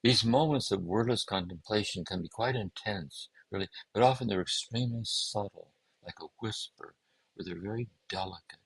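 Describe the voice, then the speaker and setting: A man speaking as a guest, giving a gentle, meditative talk on contemplative prayer and often circling back to repeat his phrases. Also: fairly low pitch, normal speed, gravelly, breathy edge, no room sound, rough recording. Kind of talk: reflective spiritual teaching.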